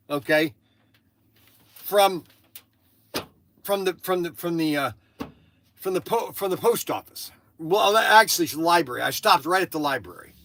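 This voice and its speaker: An older man hosting a livestream, telling a family story in a halting, rambling way full of restarts and asides. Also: high-pitched, a bit bright, no room sound. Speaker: livestream host.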